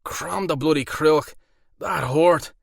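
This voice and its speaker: A petulant male werewolf with an Irish accent whines in a high, loud, squealing voice, as a male narrator puts him on. He sounds stung and sulky, in a dry, close audiobook reading. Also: slow pace, creaky, no echo. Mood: whining.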